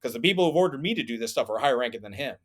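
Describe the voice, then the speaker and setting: A man's voice: mid-range voice, animated, very fast. A man and former soldier telling a story on a podcast in a casual, rambling way, with lots of fillers and restarts.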